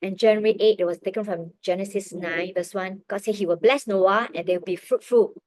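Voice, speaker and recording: A middle-aged woman tells a personal faith story with earnest, heartfelt emotion. Her pitch sits in an ordinary middle range, and she often sinks to a hushed, near-whispered tone. The sound is dry and close, with no room echo. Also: fairly even intonation, a little fast. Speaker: parent sharing testimony.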